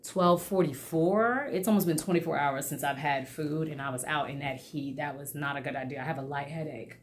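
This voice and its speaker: A woman's voice: sits low, a little fast, husky. A young woman chatting casually and sassily to her vlog camera, full of slang. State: out of breath. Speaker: vlogger. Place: outdoors on a city street; indoors at home.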